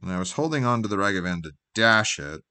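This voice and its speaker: A man's voice: fairly low pitch, expressive, fast talker, sharp tone, a little hiss or hum. A man casually commentating his own card game on a live stream, thinking aloud in a loose, rambling way. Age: adult with a job. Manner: rambling, thinks aloud with fillers and trailing asides.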